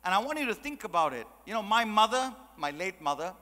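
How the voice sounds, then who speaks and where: A man's voice: sits high, very animated, fast, pushed and bright, long reverb tail. A man giving a chatty, joking motivational talk, full of "you know"s. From Malaysia. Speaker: motivational speaker. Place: large hall.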